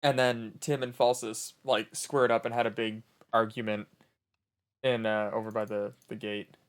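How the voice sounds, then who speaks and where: A man casually retelling a story from a roleplay game, rambling and animated, quoting what others said. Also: fairly low pitch, normal speed. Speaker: streamer in a roleplay server.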